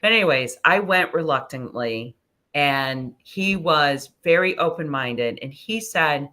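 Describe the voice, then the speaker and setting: Lively, sharp-voiced woman telling stories. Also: low-pitched, a little slow. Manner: animated, swears freely, acts out dialogue. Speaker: guest, ascension teacher and hypnosis practitioner. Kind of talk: casual storytelling interview.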